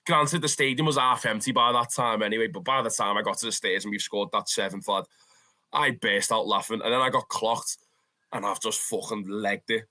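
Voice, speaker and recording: A young man with a Scouse accent, a football fan telling stories in a casual interview, animated and swearing freely. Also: fairly low pitch, brisk. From Liverpool, England. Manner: animated, swears freely, calls the listener "lad".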